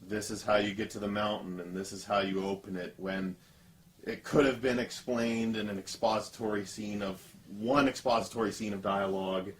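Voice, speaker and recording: A man discussing a film in a casual chat, measured, listing scenes one by one. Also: lowish voice, steady tone. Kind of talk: casual movie review chat.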